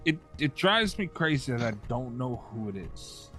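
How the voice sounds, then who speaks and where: A man co-hosting a podcast in casual chat, grumbling and deadpan, swearing often. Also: mid-range voice, a little slow, soft background music. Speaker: podcast co-host.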